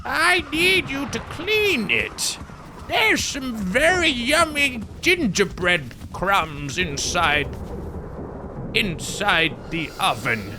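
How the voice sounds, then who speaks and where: A man's voice: sits high, big pitch swings, very slow, background noise, exaggerated voice. A man putting on an old witch's voice, sugary and coaxing as she lures children.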